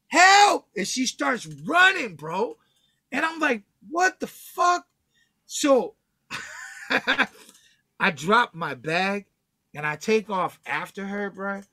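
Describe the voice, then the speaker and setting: A man with a notably high voice tells a rough story from his own life, heavy with slang and swearing. He jumps into the voices of the people in it as he goes. The sound is close and dry. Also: dry recording. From Texas. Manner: profane, slangy, acts out quotes loudly. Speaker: guest. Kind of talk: casual storytelling.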